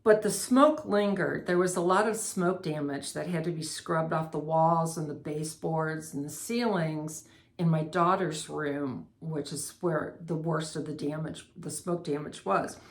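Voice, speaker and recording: Middle-aged woman, lowish voice, casual candle review, chatty and unhurried, lingering on each scent. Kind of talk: casual product review and storytelling.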